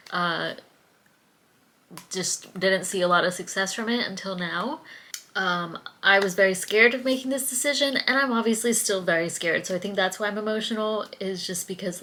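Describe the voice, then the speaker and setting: A woman's voice: mid-range voice, pushed and bright. A young adult woman talking casually to camera in a diary vlog, chatty, full of "like" fillers and small laughs. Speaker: vlogger.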